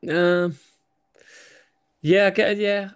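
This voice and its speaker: A man's voice: sits high, drawn-out words, clean tone, dry recording, studio quality. A young English man, a fighter, chatting casually in an interview, swearing freely and laughing as he talks. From England. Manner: relaxed, swears freely, laughs between thoughts. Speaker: UFC fighter guest.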